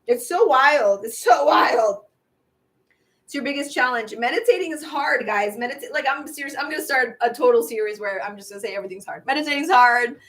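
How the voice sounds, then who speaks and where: A woman with a fairly high voice leads viewers through affirmations in a casual, repetitive spiritual pep talk. She chats warmly about meditation and keeps calling her listeners babies, her eyes watering as she speaks. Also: fast talker, hardly any pauses. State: watery eyes from air purifier. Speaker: tarot reader.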